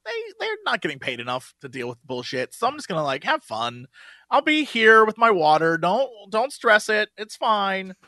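A man's voice: high-pitched, normal speed, no room sound. A man co-hosting a podcast, chatting casually and acting out voices in his anecdotes. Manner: expressive, acts out voices in anecdotes. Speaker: podcast co-host. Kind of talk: casual chat.

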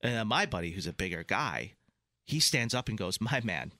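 A man's voice: on the low side, moderate pace, no room sound, studio quality. A man in casual chat, animatedly telling a story and acting out the people in it. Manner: animated, acts out other people's voices in his stories.

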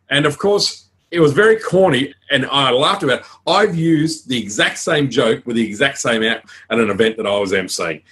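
A man with an Australian accent gives a conference talk on public speaking, frank and energetic, full of asides and stories. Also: mid-range voice, fairly quick, hardly any pauses.

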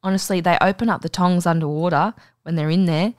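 A woman's voice: lowish voice, fairly even intonation, brisk, no echo, clean studio sound. A woman co-hosting a casual chat, full of crude comic banter and swearing.

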